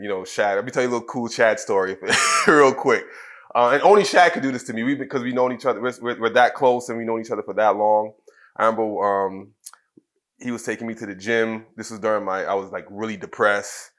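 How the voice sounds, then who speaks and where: A man from Trinidad, in his thirties, telling a personal story in an interview, soft-spoken and halting, with many fillers and restarts. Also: fairly low pitch. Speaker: wrestler guest.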